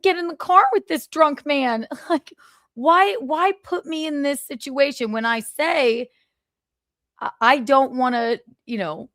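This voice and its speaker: Animated, swearing woman telling a story. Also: on the high side, no echo, studio quality. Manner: animated, swears freely, acts out both sides of the exchange. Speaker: podcast host. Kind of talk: casual storytelling monologue.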